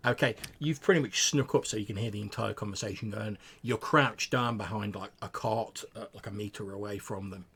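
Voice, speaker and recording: A man's voice: fairly low pitch, a little fast, vocal fry, few pauses, a bit bright, slightly rough. A man narrating as game master, describing scenes with frequent stammered restarts.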